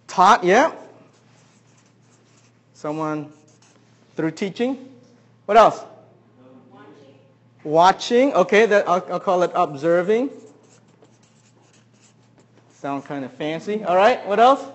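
A man preaching a sermon, who keeps asking the congregation questions and swings between loud emphasis and quiet asides. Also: sits high. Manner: asks the audience many questions. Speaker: pastor.

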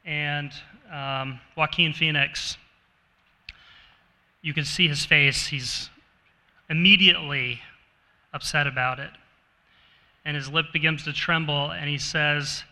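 A man's voice: on the high side, slow, long pauses, sharp tone. A man preaching a sermon in a conversational way, asking his congregation questions. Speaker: pastor. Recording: reverberant hall.

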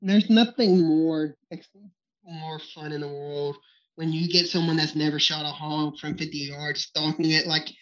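A man, a guest on a podcast, telling hunting stories in a lively way, often laughing and acting out what people said. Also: fairly high pitch, moderate pace. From Texas. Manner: animated, laughs often, acts out quotes. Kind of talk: storytelling in a podcast interview. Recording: muffled lo-fi recording.

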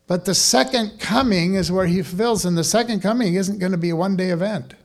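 A man pastor preaching a sermon in a conversational, animated way, with casual asides and questions to the congregation. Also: sits high, a little fast.

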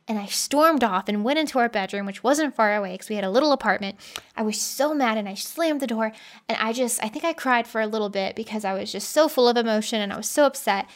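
Woman host, mildly high voice, earnest and conversational, shares personal stories on her podcast. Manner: earnest, personal storytelling with frequent "you know".

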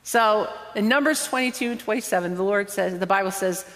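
A woman's voice: mid-range voice, a little fast, fairly bright tone. A woman preacher delivering a conversational, earnest sermon, drawing out words for emphasis. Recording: long hall reverb.

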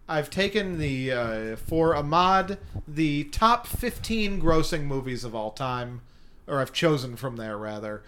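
A man hosting a podcast in casual chat, explaining a game segment with many hesitant pauses. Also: a little high, a bit bright. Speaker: podcast host.

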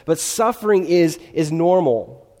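A man's voice: on the high side, lively intonation, unhurried, mellow. A male pastor giving a conversational sermon in a church, often checking in with his listeners. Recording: long hall reverb.

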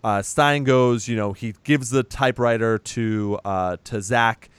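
A man's voice: medium pitch, unhurried, smooth, no echo. A man recapping a film in loose casual chat, swearing freely and laughing as he retells the scenes. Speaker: podcast co-host recapping a film.

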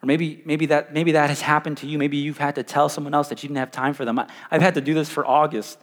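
A young man preaching a sermon as pastor, animated and stumbling over repeated words, swinging between loud and hushed. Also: on the high side, quick pace. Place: church hall. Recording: live in a reverberant church hall.

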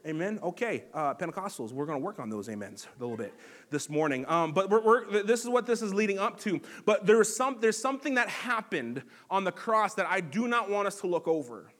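Male pastor, high voice, earnest conversational sermon delivery with fillers and restarts. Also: expressive, brisk, fairly bright tone. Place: church sanctuary.

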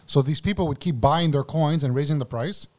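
A man's voice: on the high side, brisk, darkish tone. A man co-hosting a podcast, chatting casually and explaining things at length, often saying "bro". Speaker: podcast co-host.

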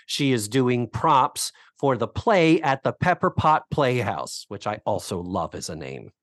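A man's voice: medium pitch, measured pace, no room sound, clean studio sound. A man co-hosting a casual podcast, recapping a sitcom episode and acting out the characters' lines. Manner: animated, acts out characters' lines in quotes. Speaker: podcast co-host.

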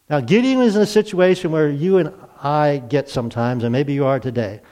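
Guy preaching, chatty, keeps asking the crowd questions, voice on the higher side. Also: sing-song, a little fast, dark tone. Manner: conversational, asks rhetorical questions, acts out quotes. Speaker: pastor. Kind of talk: sermon.

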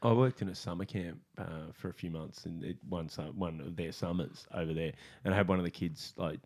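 A man's voice: low-pitched, a little fast, darkish tone. An Australian man from the countryside hosting a podcast, telling chatty anecdotes and laughing often. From rural Australia. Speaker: podcast host. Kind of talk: casual chat.

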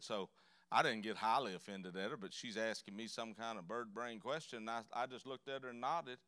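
Folksy preacher, bright voice. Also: male voice, on the high side, smooth, no echo, studio quality. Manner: folksy, joking storyteller. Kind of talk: sermon. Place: church sanctuary.

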